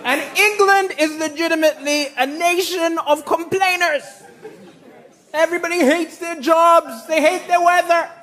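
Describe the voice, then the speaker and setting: High-voiced man doing stand-up. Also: normal speed, some chatter behind. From Malawi. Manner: animated, exaggerated punchlines and acted-out voices. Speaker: stand-up comedian. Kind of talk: stand-up comedy set. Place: large theatre stage. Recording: roaring live audience, noisy stage mic.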